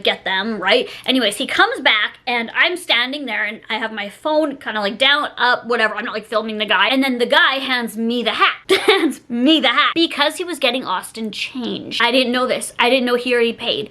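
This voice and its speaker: Bright high-voiced young woman vlogger. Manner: chatty, self-mocking, laughs often. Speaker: YouTuber telling stories. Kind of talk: casual storytime vlog.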